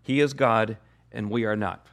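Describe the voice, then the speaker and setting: A man's voice: lowish voice, steady tone, normal speed, a bit bright. A man preaching a sermon, earnest and emphatic, who often repeats his key phrases for weight. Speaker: pastor.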